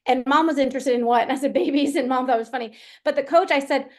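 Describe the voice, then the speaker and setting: A woman performance coach telling a story in a chatty, animated way during a live question-and-answer session. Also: high voice, rapid-fire.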